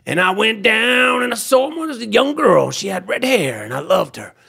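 A mumbling, working-class male rock singer, as a man mockingly puts him on. The voice sits low and drifts off the mic. Even so, it stays fairly high for a man. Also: normal speed, vocal fry, husky, exaggerated voice.

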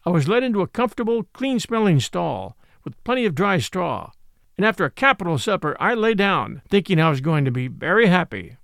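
A man reading a classic novel aloud as an audiobook, in a gentle storytelling manner. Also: high voice, big pitch swings, brisk, gravelly, dry recording, studio quality. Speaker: audiobook narrator. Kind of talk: scripted narration of a classic novel.

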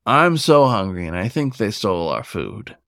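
A man's voice: on the low side, sing-song, moderate pace, fairly bright tone, no echo, studio quality. A man voicing an anxious, bratty male wolf with a snappy, barking way of talking. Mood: playful.

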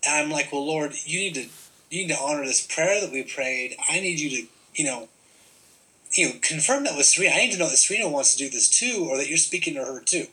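Bright-voiced man telling a story. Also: on the high side, lively intonation, fast, rough recording. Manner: rambling, many fillers and restarts. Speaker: guest telling his story. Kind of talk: casual storytelling.

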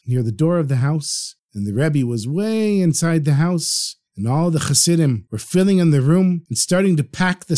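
Lively, high-voiced male storyteller. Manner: animated, vivid retelling. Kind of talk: storytelling narration.

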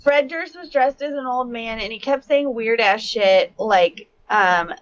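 A woman's voice: on the high side, unhurried. Dull-sounding woman telling home stories. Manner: candid storytelling, swears and laughs often. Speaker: podcast co-host. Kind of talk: casual chat.

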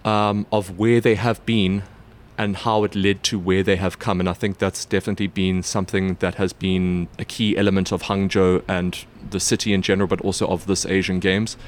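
A man's voice: deep voice, steady tone, normal speed, few pauses. A man reporting on sports, chatting casually with colleagues, with lots of fillers and restarts. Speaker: sports reporter co-hosting a podcast. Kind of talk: casual chat.

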